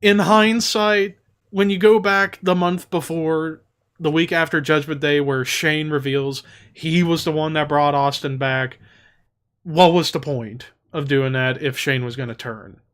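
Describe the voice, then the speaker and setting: A man with a smooth, clear voice, pitched a little high, talking through a podcast recap. He chats casually and now and then drops into a quick impression to act out the moment. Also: steady tone, a bit bright. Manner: recaps events with playful impressions. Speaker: podcast co-host.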